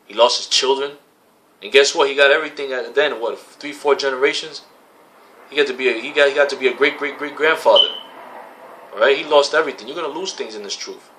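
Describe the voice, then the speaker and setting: A man's voice: mid-range voice, quick pace, sharp tone, a little hiss or hum. A man preaching casually, quoting scripture and recasting it in profane street slang, repeating phrases for emphasis. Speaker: religious camp member preaching.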